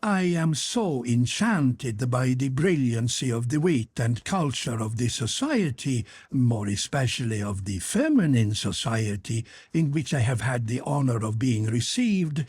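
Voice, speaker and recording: A flattering, affected gentleman in an audiobook, read by a man narrating. He talks in a sugary, showy way, with a husky, breathy tone. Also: medium pitch, unhurried, few pauses, no room sound.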